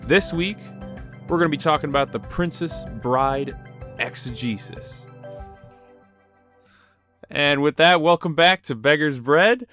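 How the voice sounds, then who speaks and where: A man's voice: fairly high pitch, pushed and bright. Upbeat joking young man hosting. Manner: upbeat, joking, laughs often. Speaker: podcast host. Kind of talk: casual Christian podcast chat.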